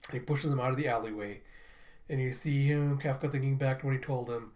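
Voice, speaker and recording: A young adult man hosting a casual manga reaction, retelling the panels in a relaxed, chatty way with fillers. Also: mid-range voice, fast. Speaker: reaction channel host. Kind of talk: casual manga reading and commentary.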